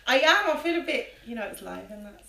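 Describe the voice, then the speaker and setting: A woman with a Birmingham accent, a guest talking in a relaxed, friendly way. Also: on the high side, fast talker, vocal fry, roomy sound, recorded from a distance, poor audio. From Birmingham, England. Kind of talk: casual interview talk.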